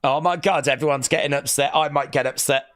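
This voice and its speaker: A man streaming a wrestling watch-along, giving excitable live reaction commentary and talking back at the screen. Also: on the high side, a little fast.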